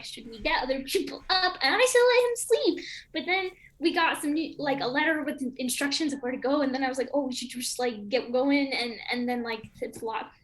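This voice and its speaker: High-voiced rambling woman role-playing. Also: fairly bright tone, low-quality recording. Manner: rambling, giggly, reassuring. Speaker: player. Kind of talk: in-character role-play chat.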